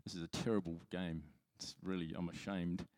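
A man's voice: low voice, little pitch movement, normal speed, darkish tone. A man preaching a sermon as pastor, telling stories in a chatty, self-mocking way with frequent restarts. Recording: long hall reverb.

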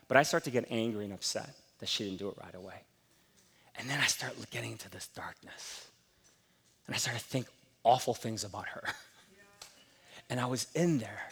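A middle-aged man preaching a sermon, telling candid, self-deprecating stories about his own week. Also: medium pitch. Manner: candid, self-deprecating storytelling, rising animated. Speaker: pastor. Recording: long hall reverb.

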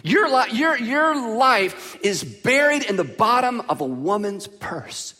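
Man preaching, high voice, lively conversational delivery, joking asides, long hall echo. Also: takes it slowly. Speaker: pastor. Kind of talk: sermon.

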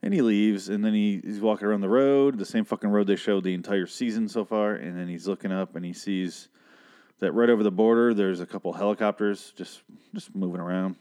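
A man's voice: fairly low pitch, fairly even intonation, brisk, dark tone, clear, resonant tone. A man casually recapping a TV episode in a profane, sarcastic, rambling way.

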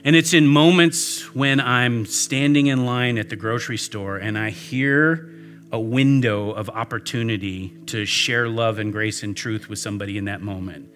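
A man's voice: medium pitch, moderate pace, fairly bright tone, soft background music. A man preaching a sermon, telling a story earnestly and leading a prayer. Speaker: pastor.

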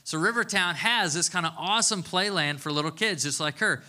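A man's voice: high-pitched, brisk, bright, forceful tone. A man in his thirties, a pastor giving a casual, chatty sermon with playful humor. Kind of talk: conversational sermon.

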